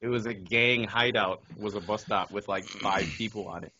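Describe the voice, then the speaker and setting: A man's voice: lowish voice, normal speed, slight background noise. A man from the United States, co-hosting a podcast in casual chat and telling stories full of swearing. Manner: profane, animated storytelling. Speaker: podcast co-host. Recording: dull lo-fi sound.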